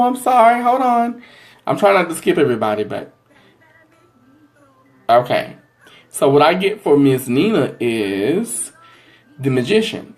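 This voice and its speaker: A man's voice: medium pitch, darkish tone. A man hosting a live tarot reading, chatty and effusive, who calls his viewers honey and y'all and keeps thanking them. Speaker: psychic tarot reader hosting a live stream. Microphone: livestream from a phone or webcam.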